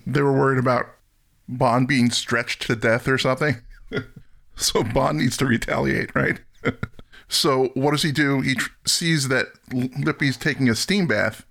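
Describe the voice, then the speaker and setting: A man hosting a casual film-review podcast, animated, laughing often and acting out scenes. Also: medium pitch, creaky. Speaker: podcast host.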